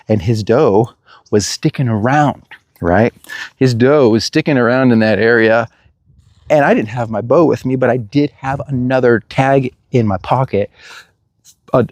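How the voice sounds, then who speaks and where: A man casually telling the story of a hunt, animated and laughing as he acts out what was said. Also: medium pitch, no room sound.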